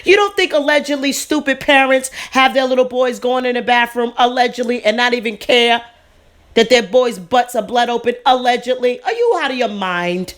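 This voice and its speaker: A woman in her thirties or forties, a vlogger telling a personal story in a heated, casual monologue. She is indignant and animated, with fillers and slang. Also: normal speed. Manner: indignant, animated, swings up in pitch for emphasis.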